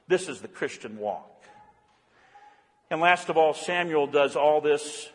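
A man preaching a sermon as pastor, swinging from raised, fervent calls to hushed, soft-spoken prayer. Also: a little high, animated, takes it slowly, pauses often. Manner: impassioned preaching, voicing God's call in a raised voice. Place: church sanctuary. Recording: long church reverb.

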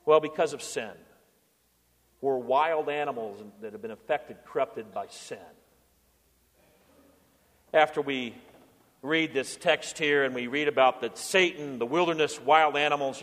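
High-voiced man preaching in reverberant hall. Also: moderate pace. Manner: animated storytelling preacher, acting out quotes. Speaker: pastor. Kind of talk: sermon.

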